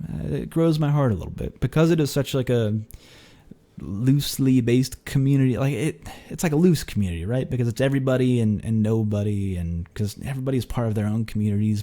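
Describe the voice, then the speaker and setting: Rambling young man, mellow low voice. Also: brisk. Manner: rambling, filler-heavy with frequent restarts and casual swearing; laughs and jumps in pitch when acting out quoted exchanges. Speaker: podcast host. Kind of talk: casual storytelling monologue.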